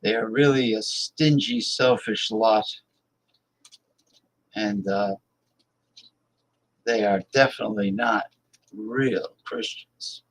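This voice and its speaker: A man's voice: fairly low pitch, steady tone, slow, pauses often, low-quality recording. A man hosting a casual political livestream, reading viewer messages aloud and speaking bluntly and emphatically, often repeating words for effect.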